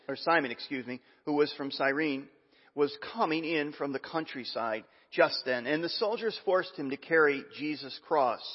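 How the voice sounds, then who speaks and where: A man preaching a sermon as pastor, reading scripture aloud with asides and some halting restarts. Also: on the high side. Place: church sanctuary. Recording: muffled, long hall reverb.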